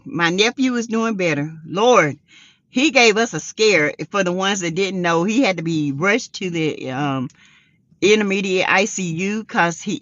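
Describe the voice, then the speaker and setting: A middle-aged woman hosting a casual livestream chat, greeting viewers by name and breaking into high excited exclamations. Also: no echo, lo-fi sound. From South Carolina. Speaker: livestream host.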